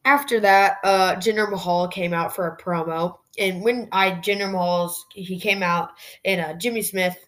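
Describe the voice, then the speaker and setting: Woman, podcast host, casual chatty review, lots of filler words, slightly low voice. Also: steady tone, normal speed, hardly any pauses, fairly bright tone. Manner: chatty, heavy use of "like" fillers. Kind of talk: casual wrestling show review.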